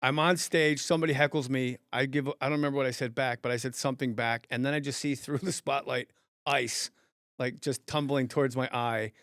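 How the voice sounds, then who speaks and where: A man's voice: medium pitch, fairly quick, clear, resonant tone, dry recording, studio quality. A middle-aged man, a comedian hosting a podcast, telling stories in casual chat and acting out heated quotes. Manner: animated, acts out heated quotes loudly.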